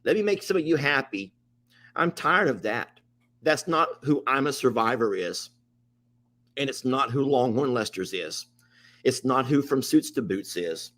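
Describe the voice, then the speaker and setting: A man's voice: mid-range voice, expressive, measured pace, fairly bright tone. Impassioned, upset man ranting to camera. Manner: impassioned, repetitive, Southern-style plain talk. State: emotional, upset. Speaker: ranch channel host. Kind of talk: emotional direct-to-camera rant.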